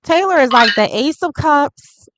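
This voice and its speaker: A woman's voice: sits high, animated, unhurried, a bit bright, slight background noise, rough recording. A woman doing a casual tarot reading vlog, chatty and rambling, full of "like". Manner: chatty and rambling, heavy use of "like". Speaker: tarot reader.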